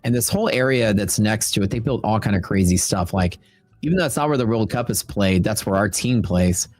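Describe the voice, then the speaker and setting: A man's voice: fairly low pitch, brisk, darkish tone, dry recording. A man from Texas with a Texan accent, hosting a trading livestream in a laid-back, rambling way. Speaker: trading stream host. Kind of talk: casual livestream chat.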